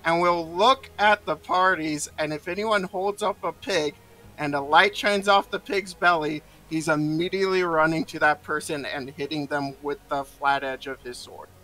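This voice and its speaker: A man playing a tabletop game, chatty and quick to laugh. His voice is fairly high and bright. Faint music runs behind him. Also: fairly even intonation, poor audio. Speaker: player. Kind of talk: casual tabletop play.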